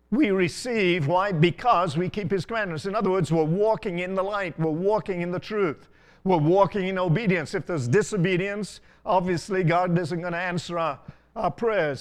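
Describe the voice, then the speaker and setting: Older male preacher, storytelling sermon. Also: a little high. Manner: unhurried storytelling preaching, frequent asides. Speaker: pastor.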